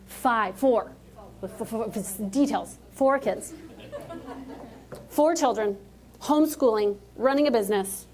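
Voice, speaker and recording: Female keynote speaker, 30s, pitched a bit high, energetic, jokey, works the room directly. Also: slow, long pauses. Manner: energetic, joking, talks straight to the audience. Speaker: motivational speaker. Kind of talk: live keynote speech. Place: conference stage before a live audience.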